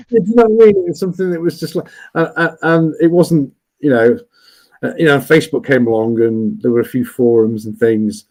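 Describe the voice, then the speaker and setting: A man chatting casually as a guest on a livestream, rambling with many restarts and fillers, talking loudly. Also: a little high, moderate pace, low-quality recording. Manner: says he is always loud.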